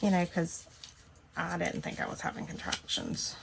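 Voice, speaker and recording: Woman, 50s, gravelly, low-ish, chatty storyteller, noisy home mic. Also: normal speed. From Southern United States. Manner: chatty, animated when quoting herself. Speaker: crafting channel host. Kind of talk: casual storytelling chat.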